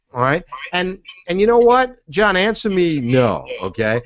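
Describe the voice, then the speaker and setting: A man's voice: fairly high pitch, normal speed, hardly any pauses, no room sound. A middle-aged man leading a sales training role-play, asking leading questions and acting out the answers. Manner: animated, asks leading questions, acts out answers. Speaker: business trainer.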